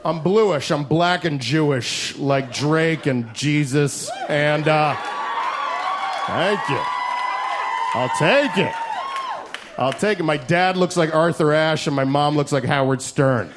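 A young man tearing through a crude stand-up routine, shouting punchlines and breaking into laughs. His voice sits high for a man. A loud, noisy audience fills the live club recording. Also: takes it slowly, a crowd in the background. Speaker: stand-up comedian. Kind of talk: stand-up comedy set.

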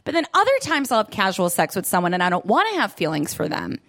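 A woman's voice: mid-range voice, very animated, quick pace, fairly bright tone. A young woman performing a chatty, self-deprecating stand-up set on a club stage. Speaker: stand-up comedian. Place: comedy club stage with audience. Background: audience laughter.

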